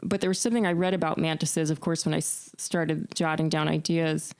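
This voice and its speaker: A woman musician being interviewed, telling stories in an animated way, often laughing and restarting her sentences. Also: low voice, brisk. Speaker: musician guest. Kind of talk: casual interview chat.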